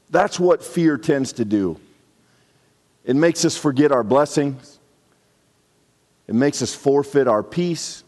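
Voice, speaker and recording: A man's voice: mid-range voice, animated, slow, pauses often, darkish tone, in a large hall. A man preaching a sermon in a conversational, reflective way, now and then acting out short quotes. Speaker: pastor.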